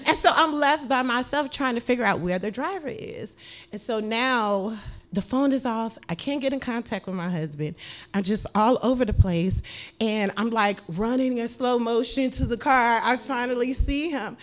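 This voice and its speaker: A woman from the United States telling a personal story on a podcast, animated, swearing freely and laughing as she goes. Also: fairly high pitch, moderate pace. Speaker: podcast guest. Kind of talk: casual storytelling.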